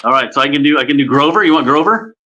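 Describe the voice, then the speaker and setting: A man guest in a casual interview, talking in a lively, chatty way. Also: on the high side, rapid-fire, dull audio. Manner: lively, chatty, many fillers. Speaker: guest, impressionist.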